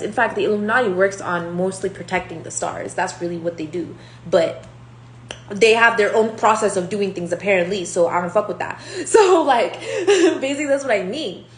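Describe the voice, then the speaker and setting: A brash young woman reading tarot cards in a loose, rambling rant, swearing and calling people out as she goes. She is recorded in a roomy, echoey space with a faint hum underneath. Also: mid-range voice. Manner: profane and confrontational, rambling. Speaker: tarot reader.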